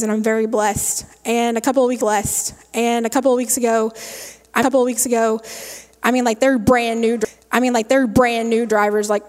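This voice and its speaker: A woman giving a homespun devotional talk in a folksy way, repeating her phrases as she goes. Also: a little high. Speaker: lay speaker giving a devotional. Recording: long reverb of a large hall.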